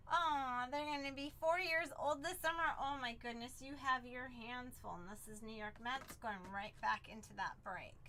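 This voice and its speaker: A bubbly woman with a high voice hosts a livestream card break from San Diego in Southern California, chatting casually at a normal speed with few pauses. She's a chatty storyteller who acts out quotes, and her tone is sharp, with a little hiss or hum in the audio.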